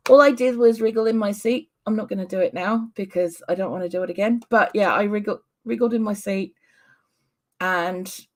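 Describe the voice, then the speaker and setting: A woman hosting a casual livestream, chatting with viewers and answering their comments in a relaxed, rambling way with frequent ums. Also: medium pitch. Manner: unhurried with frequent ums and small laughs. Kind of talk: casual live-stream chat.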